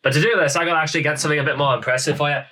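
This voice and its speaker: A man's voice: on the high side, fairly even intonation, racing, noisy background. A young man hosting a reaction video, rambling theatrically while putting on a thick Irish accent over his English roots. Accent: put-on Irish. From England. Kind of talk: casual reaction commentary.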